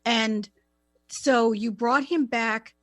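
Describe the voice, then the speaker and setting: Calm, high-voiced woman radio host. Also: extremely slow, no echo. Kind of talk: spiritual advice talk.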